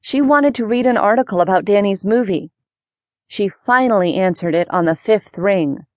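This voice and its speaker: A woman narrating a children's mystery audiobook in clear, even storytelling. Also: medium pitch, normal speed, dry recording.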